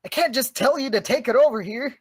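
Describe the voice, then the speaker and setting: A woman voicing a gruff male airship pilot who talks in a blunt, folksy way. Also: high-pitched, a little fast, dry recording, clean studio sound. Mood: worried.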